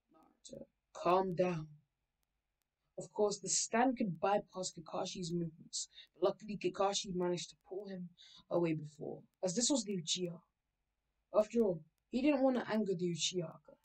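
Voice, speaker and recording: A woman's voice: medium pitch, brisk, darkish tone, rough recording. Rambling, swearing woman storyteller. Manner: rambling, swears, corrects herself. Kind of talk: casual fan-story narration.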